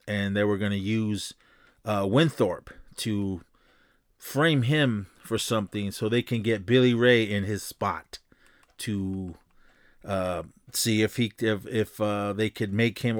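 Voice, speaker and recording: A male podcast host retells a film scene by scene in a loose, rambling way. He stops often for fillers and corrections. His voice sits a bit low, and the room sounds dry and close. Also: clear, resonant tone, no room sound. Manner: rambling, full of fillers, acts out quotes. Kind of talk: casual movie recap.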